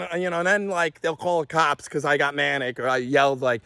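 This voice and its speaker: A man's voice: on the high side, normal speed, hardly any pauses, dry recording, studio quality. A man telling an agitated personal story to camera, swearing and acting out what others said. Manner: agitated, animated, swearing, acts out others' lines. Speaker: vlogger.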